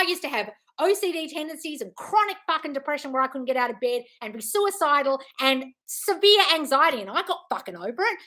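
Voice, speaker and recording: Blunt, swearing woman coach. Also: high voice. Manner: blunt, profane, yelling rants; scolding tough love. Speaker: manifestation coach. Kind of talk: livestream Q&A reading comments.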